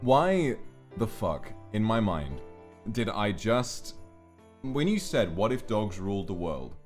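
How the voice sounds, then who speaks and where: A man chatting with guests on a stream, telling stories in an animated, tangent-prone way. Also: fairly low pitch, slow pace, soft background music. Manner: animated storyteller, jumps between voices and big tangents. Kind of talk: casual chat.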